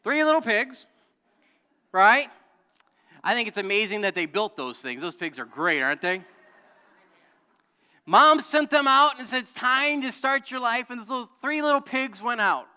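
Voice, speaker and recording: A man's voice: very high voice, lively intonation, moderate pace, sharp tone, clear, resonant tone, in a large hall. A man preaching a sermon as pastor, telling a story and calling out to the congregation for answers. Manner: storytelling with audience call-and-response. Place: church sanctuary.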